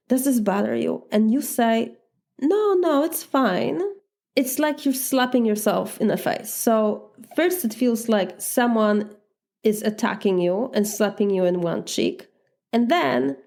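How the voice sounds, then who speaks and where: Woman with an eastern european accent, coach talking to listeners, soft mellow tone, asks right? a lot. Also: medium pitch, vocal fry. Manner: earnest, reflective, frequent "right?" asides. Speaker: life coach. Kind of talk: solo podcast monologue.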